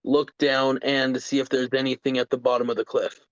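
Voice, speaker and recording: A man playing in a tabletop game, joking in a deadpan way, on a dull lo-fi mic. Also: medium pitch, a little fast, dry recording. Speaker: player.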